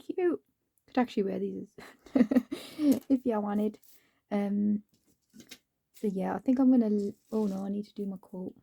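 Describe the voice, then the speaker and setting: A woman's voice: mid-range voice, fairly even intonation, normal speed, vocal fry, pauses often, mellow, husky, dry recording. A woman chatting to herself as she crafts, often dropping into a whisper. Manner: chatty, talks to herself while working, drops into whispers. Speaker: crafting vlogger. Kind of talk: casual crafting commentary.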